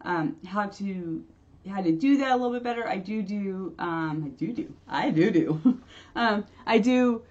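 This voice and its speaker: A woman's voice: on the low side, a little mellow. Chatty woman medium, muffled audio. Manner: rambling, chatty, laughs often, restarts sentences. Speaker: spiritual medium and channel host. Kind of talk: casual livestream chat answering viewers.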